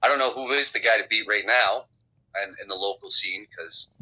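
Fighter guy on a phone call, really bright sharp voice, blunt and sweary, dull lo-fi sound. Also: lowish voice, fairly quick. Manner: blunt, profane, animated storytelling. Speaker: professional fighter, guest. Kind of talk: casual phone interview.

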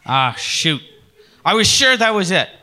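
A man's voice: very animated, measured pace, bright, forceful tone, heavily acted. A man from improvising a campy, flamboyant male company president in a comedy sketch, teasing and theatrical. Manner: theatrical, teasing, swoops up high.

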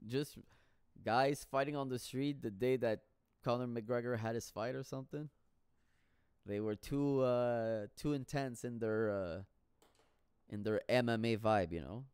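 A man's voice: mid-range voice, measured pace, darkish tone, clear, resonant tone, no room sound, clean studio sound. A man telling stories in a casual solo monologue, rambling and profane with frequent laughter.

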